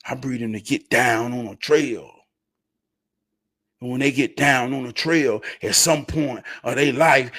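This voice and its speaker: A man voicing a calm older male hunter and dog breeder, speaking low, quiet and measured. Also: creaky, full character voice.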